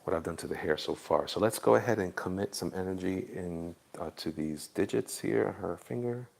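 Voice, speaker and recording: Gravelly low male streamer, relaxed and jokey, talking to chat while drawing. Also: normal speed. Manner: laid-back, jokey, chatty with viewers. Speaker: livestream artist. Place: Florida.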